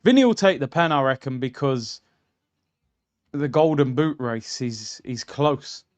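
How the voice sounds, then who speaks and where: A young man hosting a live football watchalong, reacting bluntly and excitedly to the match. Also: medium pitch, measured pace.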